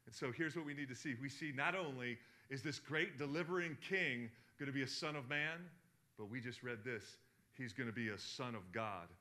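A middle-aged man preaching a sermon, asking the congregation questions and swinging from hushed to loud. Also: mid-range voice, a little fast. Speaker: pastor.

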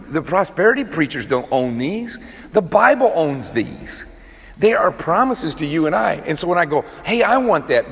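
Male preacher, fairly high voice, emphatic, restarts often, echoing church hall. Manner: emphatic, repetitive restarts, acts out quoted voices. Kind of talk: sermon. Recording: long hall reverb.

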